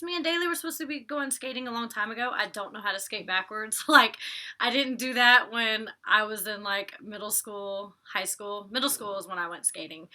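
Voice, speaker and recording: A woman's voice: medium pitch, sharp tone. A young woman chatting casually at home, giving an opinionated review with lots of likes, ums and laughs. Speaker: vlogger reviewing a reality show. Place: home, indoors.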